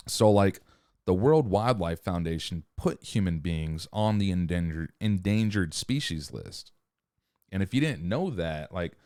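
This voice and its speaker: Low, swinging voice of a ranting man. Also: a little mellow, no echo, studio quality. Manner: profane, rambling, loses his thread. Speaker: podcast host. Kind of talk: casual rant.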